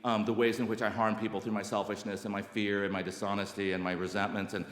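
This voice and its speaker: A man in his sixties gives a personal testimony, self-mocking and animated. He restarts often and acts out the lines of other people. His voice carries a long reverb from a large meeting hall. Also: fairly low pitch, fast. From Alabama, United States. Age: 60s. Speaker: speaker at a recovery meeting.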